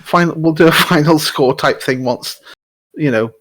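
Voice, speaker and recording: A man's voice: on the high side, moderate pace, fairly bright tone, no room sound. A man hosting a casual sports podcast, chatty and laughing easily, often restarting his sentences. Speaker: podcast host.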